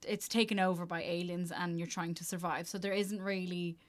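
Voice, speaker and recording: A woman from Latin America chatting casually as a podcast co-host, loud and animated with frequent restarts. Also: fairly low pitch, a little fast. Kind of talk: casual chat.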